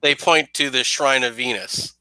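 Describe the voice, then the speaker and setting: A man's voice: mid-range voice, normal speed, pushed and bright, dry recording, rough recording. A man running a tabletop game as game master, narrating with many hesitations. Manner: hesitant, full of ums.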